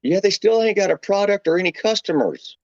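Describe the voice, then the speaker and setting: A man's voice: sits high, animated, a little fast, dry recording, highs cut off. A man co-hosting a casual stock livestream over a call, blunt, sarcastic and cynical. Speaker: livestream co-host.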